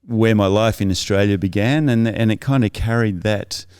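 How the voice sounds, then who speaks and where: Man, podcast guest, low smooth voice, earnest and reflective, dry close sound. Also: moderate pace, a little mellow, no room sound. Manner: earnest, thoughtful, with frequent self-corrections. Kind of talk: reflective interview storytelling.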